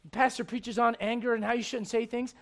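Man, middle-aged, pastor, very high voice, sermon, dynamic swings from loud to hushed, acts out voices. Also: fairly even intonation, fairly quick, gravelly. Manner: acts out voices in little scenes.

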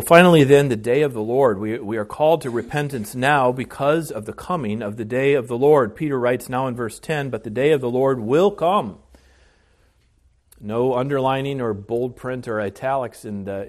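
Male pastor, sermon delivery, mid-pitched voice, earnest, restarts words, rises in volume to stress points. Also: moderate pace, hardly any pauses. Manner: earnest preaching with frequent restarts, swells in volume on key phrases.

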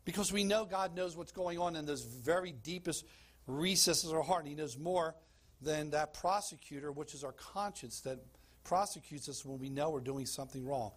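A man's voice: a little high, normal speed. A man preaching a sermon as pastor of a church, emphatic, asking the congregation questions and calling for slides.

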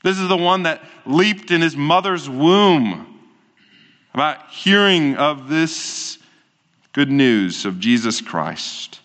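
Pastor guy preaching real slow, earnest, big echoey church sound. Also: on the high side, lively intonation, fairly bright tone. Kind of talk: sermon.

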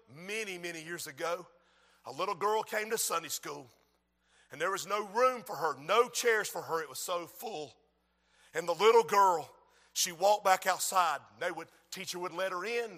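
A man preaching a sermon, moving between hushed storytelling and shouted refrains. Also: sits high, big-room sound.

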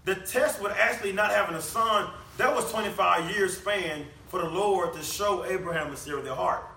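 Man as pastor, high bright voice, conversational sermon full of questions, echoey room, off-mic. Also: a little fast, creaky, distant mic.

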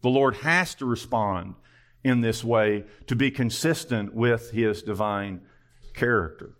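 A man's voice: medium pitch, measured pace. A male pastor preaching an earnest sermon, full of pointed rhetorical questions.

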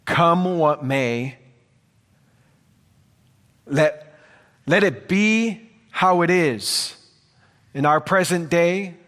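A man's voice: on the high side, drawn-out words, pauses often, a bit bright. A man preaching a sermon in an earnest way, repeating phrases for emphasis. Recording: long hall reverb.

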